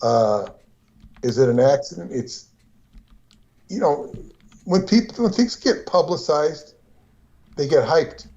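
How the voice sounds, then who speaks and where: A man's voice: on the high side, sing-song, slow, long pauses, dark tone. Guy rambling on a livestream, lots of restarts, muffled lo-fi sound. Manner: rambling, with repeated restarts and asides. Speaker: co-host. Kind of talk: casual livestream conversation.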